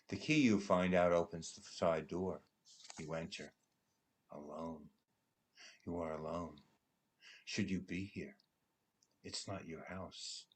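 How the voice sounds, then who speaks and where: A man with a low, deep voice gives a measured reading of a prose poem. He lets phrases fall away into hushed, almost whispered endings, taking his time over every line. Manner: hushed, trailing into near-whispers at line ends. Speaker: poetry reader at a benefit concert. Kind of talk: slow dramatic recitation of a prose poem.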